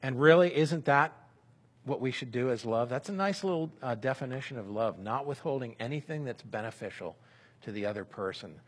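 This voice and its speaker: A man giving a sermon in a relaxed, conversational way, speaking example prayers aloud as he teaches. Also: mid-range voice, fairly quick, breathy edge. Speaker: pastor.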